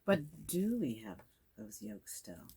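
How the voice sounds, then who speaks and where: An older woman with a very low voice and a Caribbean British accent talks in a measured, reflective way as an interview guest. Now and then she acts out the people she quotes. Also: big pitch swings, mellow, breathy edge. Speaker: guest actress.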